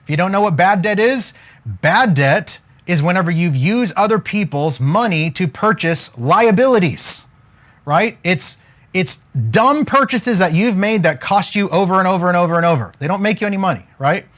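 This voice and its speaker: With a high-pitched voice at a moderate pace, a man hosts a live stream coaching people on wealth. He stays energetic and casual, mixing jokes with a preacher-like delivery, and keeps requesting comments from viewers.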